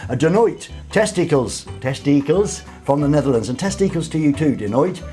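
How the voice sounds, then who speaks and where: A man's voice: fairly high pitch, expressive, moderate pace, mellow, faint music behind. A man hosting a casual live show from a small studio, reading out viewer comments with cheeky, rambling jokes. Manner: jokey, rambling, cheeky asides.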